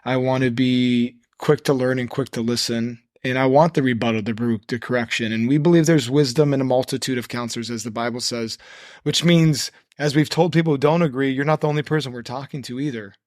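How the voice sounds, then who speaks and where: On a conversational podcast interview, a man who co-founded a nonprofit speaks as a guest in earnest, preachy run-on phrases. His medium-pitched voice is a little mellow, fairly quick, and fairly even in intonation. The recording is clean studio sound with no echo.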